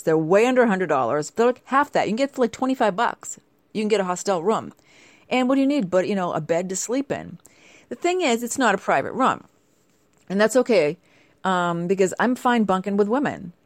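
Animated, chatty woman host. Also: mid-range voice, moderate pace, no echo. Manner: chatty, animated storytelling with playful asides. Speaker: show host. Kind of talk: casual chat.

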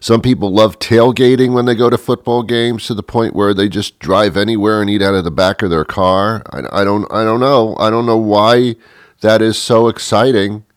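A man hosting a comic monologue, deadpan and rambling, with many fillers. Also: lowish voice, moderate pace, smooth, no echo. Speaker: host. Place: Boston area.

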